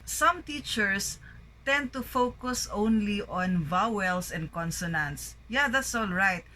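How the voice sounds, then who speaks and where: A woman's voice: medium pitch, lively intonation, pushed and bright, slight background noise, rough recording. A woman with a Filipino accent, teaching an English pronunciation lesson and drilling words one by one. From Philippines. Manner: slow, deliberate word drilling.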